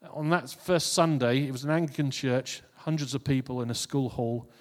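A man's voice: medium pitch, moderate pace. A man preaching in a reverberant hall. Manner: conversational, repeats and restarts phrases. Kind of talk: informal sermon.

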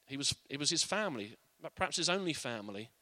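A man's voice: mid-range voice, sing-song, quick pace, bright, forceful tone, no room sound. A man giving an informal, earnest Bible teaching in a conversational way.

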